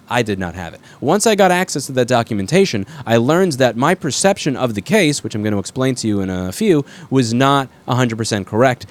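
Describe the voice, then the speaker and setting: Feverish man ranting frankly to camera. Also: mid-range voice. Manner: blunt, frank and self-correcting, with occasional swearing. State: sick with a fever. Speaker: repair shop owner and video host. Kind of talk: casual rambling commentary to camera.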